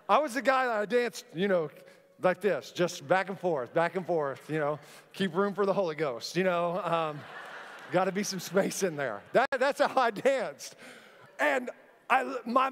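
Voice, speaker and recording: A man preaching a sermon from a church stage, an animated storyteller who acts out the scenes he describes. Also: high voice. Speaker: pastor. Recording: long church hall reverb.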